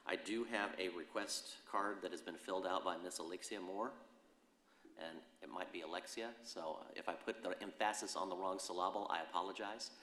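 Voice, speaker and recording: A man acting as mayor, chairing a city council meeting in a brisk, procedural way and reading the rules aloud. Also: deep voice, fairly even intonation, fairly bright tone. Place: council chamber. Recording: roomy chamber with long reverb.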